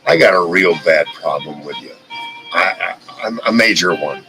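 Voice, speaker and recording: A man hosting a casual live stream, talking in an animated, profane rant. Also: sits low, moderate pace, over music, low-quality recording. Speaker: livestream host.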